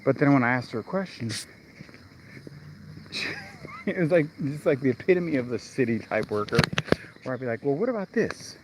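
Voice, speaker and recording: A man's voice: medium pitch, lively intonation, normal speed, pauses often, background noise. A man working as a real estate agent, chatting and rambling to himself in a casual livestream while going door to door outdoors, recorded on a mobile phone. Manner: chatty, rambling, talks to himself between doors. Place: outdoors on residential streets.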